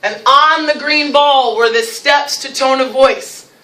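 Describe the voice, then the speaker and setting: A woman presenting a lively teacher workshop, playful and animated, breaking into demonstrations in a large room. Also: high-pitched, unhurried, far from the mic. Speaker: special education director leading a teacher workshop. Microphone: distant from the recording mic. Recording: echoey room recorded from afar.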